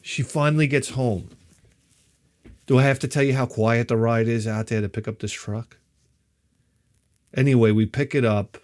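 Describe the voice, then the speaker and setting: A man's voice: mid-range voice, fairly even intonation, moderate pace, pauses often, darkish tone. A middle-aged man, telling a story in a wry, exasperated and profane way. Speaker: vlogger.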